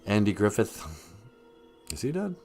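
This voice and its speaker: Guy rambling on a livestream, slow and drawn out, cracking dumb jokes, faint music underneath. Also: fairly low pitch, sing-song, vocal fry, a little mellow. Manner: joking, rambling, talks to chat and laughs at own jokes. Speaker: livestream host. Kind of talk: rambling comedic livestream chat.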